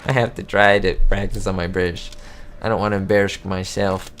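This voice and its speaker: A man giving excitable, easily amazed commentary as he plays a video game. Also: low-pitched, fairly quick. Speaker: gamer.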